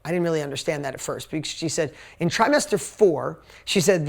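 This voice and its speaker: A man's voice: a little high, expressive, brisk, gravelly. A man giving a sales talk to a live seminar audience, telling stories animatedly, acting out quotes and swearing casually. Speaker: seminar speaker. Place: event stage before a live audience.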